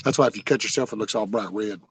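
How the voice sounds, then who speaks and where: A man's voice: on the low side, fast, slightly rough, no echo. A man hosting a livestream, rambling through folksy stories with mild cursing as he answers viewer comments. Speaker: livestream host.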